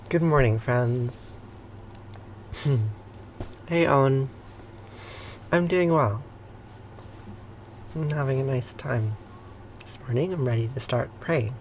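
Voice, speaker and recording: A livestream host leading a morning breathing and toning practice, with soft, slow cues that sometimes drop to a breathy whisper, greeting viewers by name. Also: medium pitch, slight background noise. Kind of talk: guided breathing and toning instruction.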